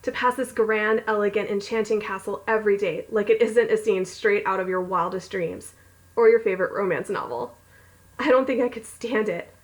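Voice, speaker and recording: A woman's voice: mid-range voice, normal speed, poor audio. A woman reading her own romance novel aloud at home, breaking off for giggly, rambling, self-mocking asides. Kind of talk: casual read-along with chatty asides.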